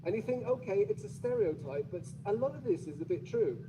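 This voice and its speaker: A man's voice: sits high, animated, a little fast, noisy background. A man with a British accent giving a playful, chatty talk to an audience, often asking them questions. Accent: British English. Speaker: conference speaker.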